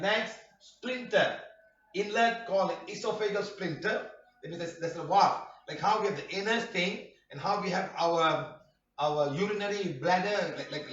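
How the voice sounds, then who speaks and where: A man teaching a healing workshop class, speaking emphatically, often shouting and firing rhetorical questions. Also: high-pitched. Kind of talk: classroom lecture. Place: workshop room. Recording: roomy, distant, dull lo-fi room recording.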